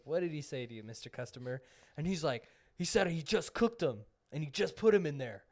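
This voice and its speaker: Young male podcast co-host, slightly high-pitched, casual rambling storyteller. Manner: rambling anecdote telling, teasing. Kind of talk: casual chat.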